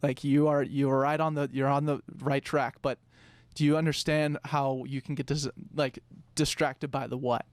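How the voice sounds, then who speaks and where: A man's voice: medium pitch, little pitch movement, normal speed, no room sound. A young man, a podcast co-host, telling a work story in a rambling, casual way with lots of fillers.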